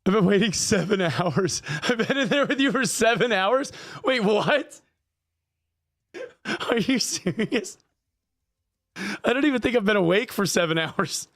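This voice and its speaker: A man's voice: high-pitched, lively intonation, measured pace, pauses often, a bit bright, no room sound. A man streaming live, chatting casually with viewers, jokey and profane. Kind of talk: casual livestream chat.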